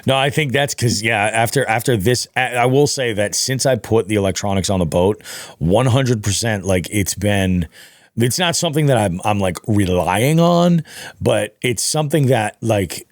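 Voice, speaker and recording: A man's voice: lowish voice, animated, moderate pace, no room sound, clean studio sound. A man hosting a podcast, chatting in a laid-back, rambling way and swearing freely. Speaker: podcast host. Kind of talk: casual chat.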